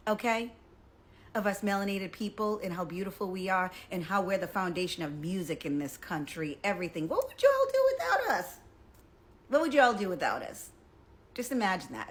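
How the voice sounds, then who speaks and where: A middle-aged woman speaks straight to her audience in a casual, emphatic rant. She is blunt and swears often. Her voice sits a little low. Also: fairly bright tone. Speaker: social media commentator.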